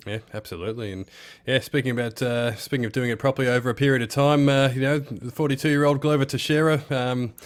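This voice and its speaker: A man's voice: mid-range voice, fairly even intonation, fast talker, clear, resonant tone. A man hosting a casual podcast, speaking hesitantly with many ums and uhs. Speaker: podcast host.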